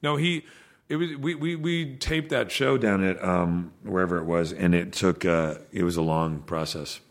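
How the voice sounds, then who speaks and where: A man's voice: low-pitched, normal speed. A man chatting casually as a podcast guest, telling stories and often stopping to restart with filler words. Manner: rambling storyteller with frequent fillers and restarts. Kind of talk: casual chat.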